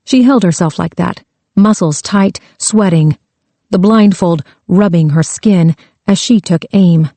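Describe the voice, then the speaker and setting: A woman narrating a thriller audiobook with a slow, tense delivery. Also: on the low side, mellow, no room sound.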